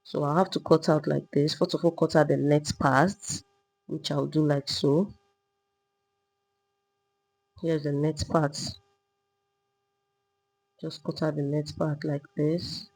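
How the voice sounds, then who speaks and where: A woman teaching a step-by-step sewing tutorial, calmly talking through each move while she drafts and cuts a pattern. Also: sits low, slow, creaky, long pauses, slightly rough, poor audio. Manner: patient, repetitive demonstrating, talking while working. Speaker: sewing instructor.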